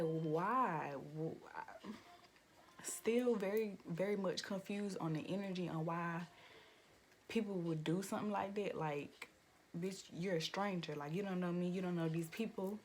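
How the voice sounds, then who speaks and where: A young woman in a fairly low voice rants through a story-time vlog, swearing freely and leaning on "like" at every turn. She jumps into high, loud bursts when she quotes people. A faint hiss of noise sits under the recording. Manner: profane, animated storytelling with frequent "like" fillers. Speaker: vlogger. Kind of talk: casual story-time rant.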